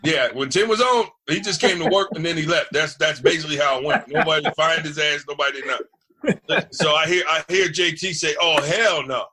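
A man's voice: a little high, fairly quick, a crowd in the background. A middle-aged man from New Jersey, a former quarterback telling boisterous, profane locker-room stories as a guest in casual chat. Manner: boisterous, profane, animated storyteller.

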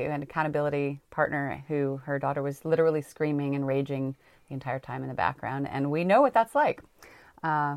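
Low-voiced chatty woman co-host. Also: a little mellow, no room sound, clean studio sound. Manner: chatty, laughs often, talks in quick bursts. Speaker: podcast co-host. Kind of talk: casual chat.

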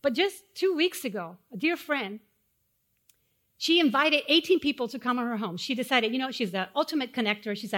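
A woman pastor giving a sermon, asking the congregation questions and dropping to hushed, solemn tones when telling stories of loss. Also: sits high, animated, fairly quick. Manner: dynamic, swings from loud rhetorical questions to hushed solemn tones.

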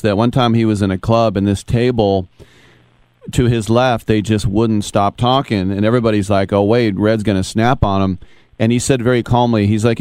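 A man's voice: lowish voice, darkish tone, clean tone, no room sound. A man hosting an interview, easygoing as he asks questions and retells anecdotes. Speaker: podcast host. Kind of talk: casual interview talk.

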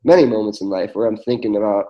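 A man tells reflective stories as an interview guest. His voice is warm and mellow. He speaks earnestly, with plenty of fillers and restarts. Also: lowish voice, quick pace, muffled recording. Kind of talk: reflective storytelling in conversation.

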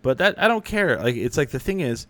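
A man's voice: mid-range voice, sing-song, a little fast, fairly bright tone, dry recording. A young adult man chatting casually as a podcast host, answering listener questions with rambling, profane, self-correcting stories. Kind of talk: casual chat.

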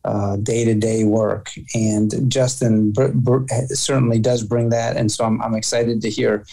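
A football coach talks through his answers in an interview, stopping, restarting and repeating words as he thinks. His voice is gravelly with fry, and the tone sits dark and mellow. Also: fairly low pitch, level tone, measured pace, low-quality recording.

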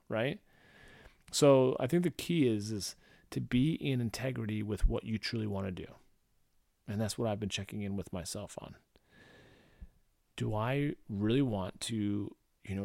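A man's voice: on the low side, normal speed, creaky, a little mellow, dry recording. Casual man talking candidly, dry sound. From St. Louis. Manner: loose and conversational, many fillers, acts out quoted voices. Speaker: podcast host. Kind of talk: casual solo podcast talk.

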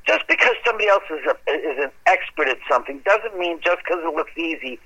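A man casually telling a long story in an animated, conversational way, with the odd curse word. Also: a little high, fast talker, slightly rough, poor audio. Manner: animated, conversational, occasional swearing.

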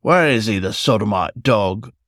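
A man's voice: medium pitch, animated, measured pace, no echo, clean studio sound, pitched above the performer's own voice. A man doing a furious barking pursuer. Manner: barking, loud, threatening.

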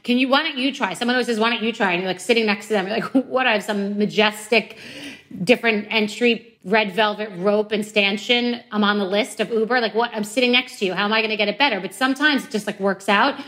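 A woman podcast host telling a joking, self-mocking story in a casual, animated way. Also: mid-range voice, fast.

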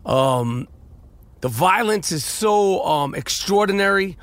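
A man's voice: sits high, expressive, slow pace, fairly bright tone, no echo. A man hosting a solo podcast from his car, rambling and profane with many restarts, his voice congested from a nasal infection. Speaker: podcast host. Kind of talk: casual solo podcast monologue.

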